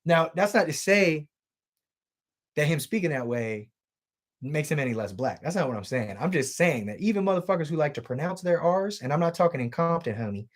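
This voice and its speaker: A man's voice: fairly high pitch, lively intonation, fairly quick. A man hosting a casual livestream, chatting loosely with viewers and a friend in a profane, offhand way from a home streaming setup. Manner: loose and profane, reads out chat comments. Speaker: livestream host.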